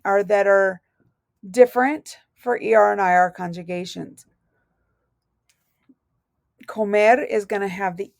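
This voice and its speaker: A woman's voice: medium pitch, creaky, no room sound, clean studio sound. A woman teaching a recorded language lesson, patiently spelling out verb endings letter by letter. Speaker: Spanish teacher.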